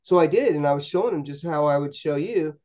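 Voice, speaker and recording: A man with a mellow, relaxed voice tells a story as a podcast guest. He talks haltingly, repeating words and restarting. The sound is a little dull and lo-fi. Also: a little high. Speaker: podcast guest, paranormal investigator. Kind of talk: storytelling anecdote in a podcast interview.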